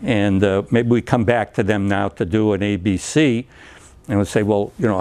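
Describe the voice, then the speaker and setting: An older man with a somewhat low voice gives an anecdotal lecture to a group. He talks in a chatty way, stumbles through fillers and restarts, and acts out the dialogue in his stories. Small chuckles come between his points. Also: moderate pace, a little mellow. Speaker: speaker giving a talk on recovery therapy. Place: lecture room.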